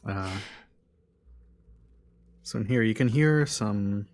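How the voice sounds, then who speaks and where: A man's voice: fairly low pitch, slow pace. A young man narrating as game master, describing scenes with many ums and restarts. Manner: hesitant, filler-heavy narration.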